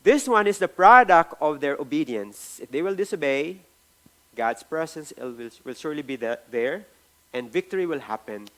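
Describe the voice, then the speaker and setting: Filipino man preaching, emphatic, fairly high. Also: lively intonation, normal speed, fairly bright tone. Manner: emphatic preaching, repeats phrases, tag "no?" often. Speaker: pastor. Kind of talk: sermon.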